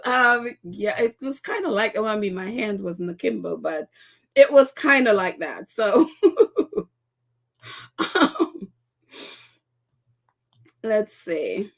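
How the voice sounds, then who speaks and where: A woman with a high voice hosts a casual live stream, talking straight to her viewers. She rambles and restarts her sentences, breaking into laughs as she reads their comments aloud. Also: expressive, slow pace, gravelly, long pauses, a bit bright. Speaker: host of a live chat show.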